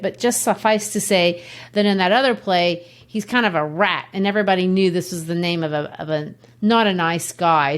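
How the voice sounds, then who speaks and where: Chatty woman teaching literature. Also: fairly low pitch. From Brazil. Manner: chatty, explains with asides and laughs. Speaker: literature teacher and podcast host. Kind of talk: conversational literature lesson.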